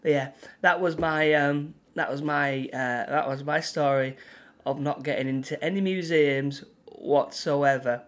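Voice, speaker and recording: Co-hosting a casual podcast, a man with a Mancunian accent tells a rambling story packed with fillers and restarts. His voice is on the high side, with a steady tone and an unhurried pace.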